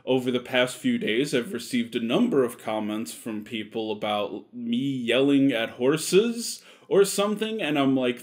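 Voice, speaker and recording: A man hosting his own channel, talking straight to camera in a rambling, exasperated way and swearing casually. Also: mid-range voice. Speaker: YouTube channel host. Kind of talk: casual direct-to-camera address.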